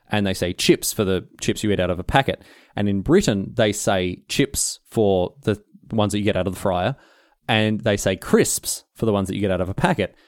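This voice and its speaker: A man's voice: on the low side, a little mellow, no room sound, studio quality. An Australian man hosting a podcast, answering listener questions in a rambling, teasing casual chat. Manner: rambling, teasing, self-interrupting.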